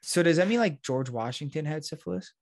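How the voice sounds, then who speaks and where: A man's voice: on the high side, a little fast, no room sound, clean studio sound. A man with a New York accent co-hosting a casual podcast chat, crude and joking. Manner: crude, joking, deadpan banter. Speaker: podcast co-host.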